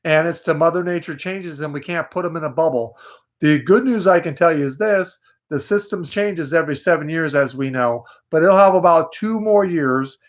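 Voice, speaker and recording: A man hosting a live psychic call-in show, gently reassuring and a little nasal today. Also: a little high, moderate pace. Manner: gentle, reassuring, calls people dear. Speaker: psychic host.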